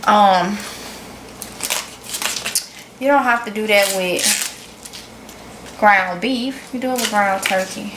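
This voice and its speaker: Slow, chatty Southern woman. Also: mid-range voice, echoey room, background noise. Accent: Mississippi Southern. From Mississippi. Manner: chatty, folksy, addresses viewers as y'all. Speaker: vlogger. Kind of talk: casual cooking vlog.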